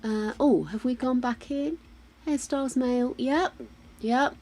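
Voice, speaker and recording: A woman's voice: sits high, measured pace, mellow, low-quality recording. A woman from the UK chatting casually as a live streamer, muttering to herself while she plays a game. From United Kingdom. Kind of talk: casual gameplay chat.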